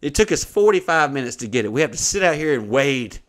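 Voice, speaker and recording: A man hosting a podcast, telling a profane, animated story in casual comedic style. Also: medium pitch, fast talker, a little hiss or hum. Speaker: podcast host.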